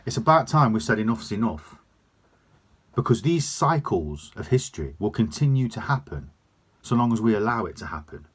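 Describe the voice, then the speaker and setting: Husky-voiced man ranting. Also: fairly low pitch, very animated, moderate pace. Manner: sweary, emphatic. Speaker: vlogger. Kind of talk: opinion rant.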